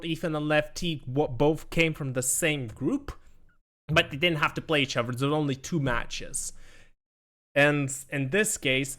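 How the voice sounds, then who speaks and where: A man's voice: fairly high pitch, fairly bright tone. A man casting an esports tournament, walking through results with small self-deprecating jokes. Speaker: esports caster. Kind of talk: tournament commentary.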